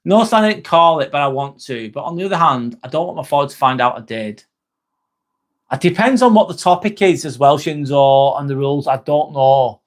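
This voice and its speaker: A man's voice: on the high side, animated, brisk. A young man hosting a casual livestream, reading viewers' comments aloud and answering them in a chatty, reassuring way. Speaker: livestream host. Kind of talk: casual live-stream chat reading comments.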